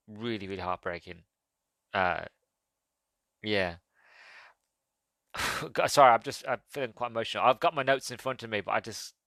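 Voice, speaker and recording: A man's voice: on the low side, pushed and bright, dry recording. A man hosting a solo podcast, talking earnestly with many ums and restarts. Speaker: podcast host, film reviewer. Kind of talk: casual solo podcast talk.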